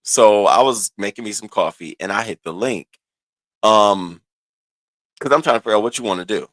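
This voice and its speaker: Animated man telling a story casually. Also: on the low side, normal speed, no echo. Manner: animated, restarts and stammers, swings into quoted voices. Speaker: streamer recounting online drama.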